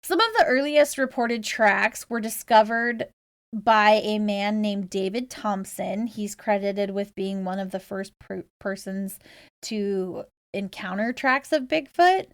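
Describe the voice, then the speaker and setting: A woman's voice: medium pitch, slow pace, clean tone, no room sound, studio quality. A woman co-hosting a casual podcast, chatty and laughing often, reading out research with fillers. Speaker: podcast co-host.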